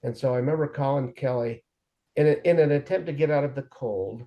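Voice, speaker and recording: A man's voice: mid-range voice, brisk, highs cut off. A middle-aged man frankly telling his own recovery story as an interview guest, with self-deprecating humor. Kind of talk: candid personal storytelling.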